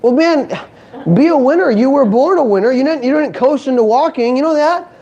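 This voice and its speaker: Warm-voiced, animated motivational speaker man. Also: extremely high pitch, a little fast, lo-fi sound. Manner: animated, joking, asks the crowd questions. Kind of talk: live motivational talk to an audience. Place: conference hall stage.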